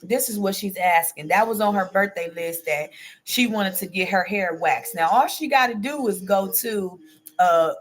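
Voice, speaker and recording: A mid-range voice at normal speed comes from a woman in her forties hosting a casual show. She's chatty, telling a story and answering viewer comments aloud, with frequent "okay?" and "baby" thrown in.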